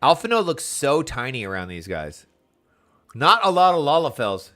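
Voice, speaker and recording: A man streaming a video game, chatting excitedly and answering his chat. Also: on the high side, normal speed. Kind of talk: casual live gameplay chat.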